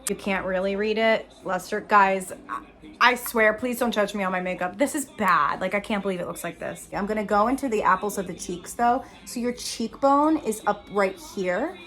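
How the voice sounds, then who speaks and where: A woman's voice: mid-range voice, normal speed, a bit bright. A young woman talking casually through a makeup tutorial, chatty, giggly and self-deprecating. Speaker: Broadway actress doing a makeup tutorial.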